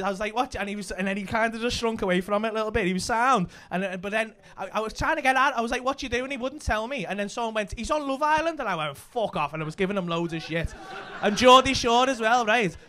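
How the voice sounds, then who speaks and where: A man with a Liverpool accent, a comedian and club host telling stories in casual chat, swearing freely with rapid banter. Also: sits high, sharp tone. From Liverpool, England.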